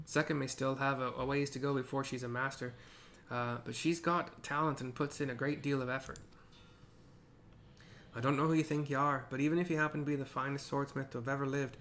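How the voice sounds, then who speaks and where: A man voicing a blunt, protective forge master in a game, speaking louder, higher and more emphatically than his own voice. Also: fairly even intonation, a little fast, a little hiss or hum, lightly acted. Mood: indignant. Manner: loud, indignant, emphatic.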